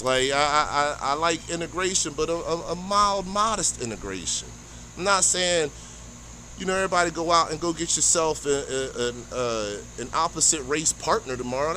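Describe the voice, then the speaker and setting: A man's voice: a little high, bright, forceful tone, a little hiss or hum. A man from the United States, an army veteran with an American accent, speaking in an earnest, impassioned monologue while standing, repeating himself and stumbling over words. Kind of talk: impassioned personal monologue to camera.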